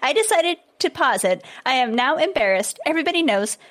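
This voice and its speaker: A young woman co-hosts a casual podcast and reads listener reviews aloud. She laughs often and adds playful asides. Her voice sits fairly high. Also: sing-song, brisk, fairly bright tone, a little hiss or hum.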